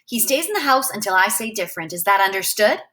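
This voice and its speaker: A woman's voice: mid-range voice, sing-song, quick pace, sharp tone. A woman voicing a firm, protective mother who gives commands.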